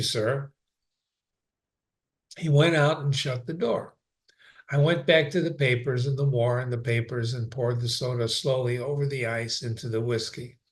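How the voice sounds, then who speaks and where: A man reading a novel aloud in an unhurried way, sometimes stopping for a brief aside of his own. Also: mid-range voice. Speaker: reader.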